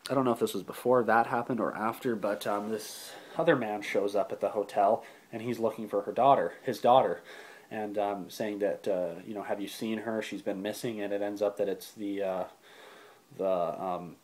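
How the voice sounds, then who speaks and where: A man with a somewhat low voice talks through a film's plot in a loose, casual recap. He rambles, fills pauses with ums and likes, and circles back to correct himself. He swears offhandedly now and then. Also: steady tone, darkish tone. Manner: rambling, many fillers and restarts. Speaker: movie reviewer.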